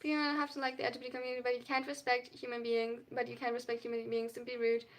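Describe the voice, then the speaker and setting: Faint music plays behind a young adult non-binary streamer with a German accent, who races through a mid-range monotone. On their live stream they earnestly read out chat messages and give lengthy replies.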